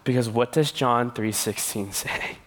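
A man's voice: mid-range voice, a little slow. A young man giving a sermon as a youth pastor, earnest and conversational, with playful asides.

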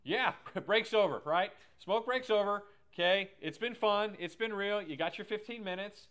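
A man teaching a lively Bible lesson who keeps checking in with the class and retells scripture in casual slang. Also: high-pitched, moderate pace, hardly any pauses, clean tone. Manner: chatty, keeps asking "right?", paraphrases scripture in slang.

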